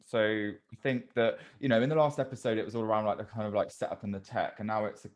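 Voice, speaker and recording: A man's voice: lowish voice, steady tone, fast talker. A man from Bristol with a light Bristol accent, co-hosting a podcast in easy, casual chat. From Bristol, England. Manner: easygoing, laughs often. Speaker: podcast co-host.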